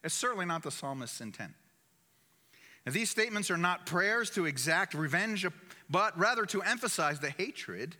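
A man's voice: high-pitched, lively intonation, moderate pace, pushed and bright. A man preaching a sermon in an emphatic way, repeating key phrases for weight. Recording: echoey hall.

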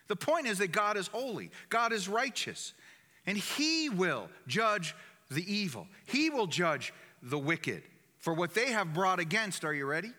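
A man's voice: sits high, very animated, unhurried, sharp tone. A man preaching a sermon in an emphatic way, repeating key phrases for weight. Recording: echoey hall.

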